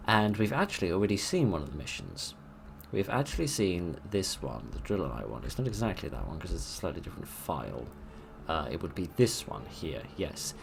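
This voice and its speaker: A man's voice: creaky, slight background noise. A man giving casual, rambling gameplay commentary, self-deprecating and chatty. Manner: lively, quick changes of pitch and loudness. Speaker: let's play host.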